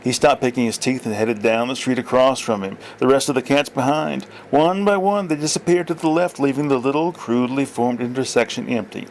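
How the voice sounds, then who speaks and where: A man's voice: mid-range voice, a little fast, few pauses, slight background noise, low-quality recording. A man reading his own fiction aloud, plainly, with small slips and corrections.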